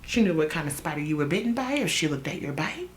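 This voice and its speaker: A young woman telling a story in a chatty, animated way while getting ready, with asides to her viewers. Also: deep voice, fast talker, a little hiss or hum. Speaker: vlogger. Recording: roomy echo.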